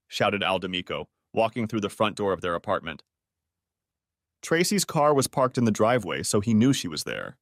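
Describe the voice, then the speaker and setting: Man narrating an audiobook, lively delivery. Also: lowish voice, moderate pace, no room sound, clean studio sound. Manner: first-person storytelling.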